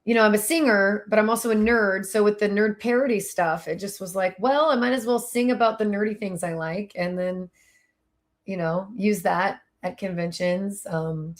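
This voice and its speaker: A woman's voice: mid-range voice, fairly even intonation, normal speed. Chatty self-deprecating woman guest. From Louisiana. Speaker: guest, voice actor and singer. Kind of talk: casual interview chat.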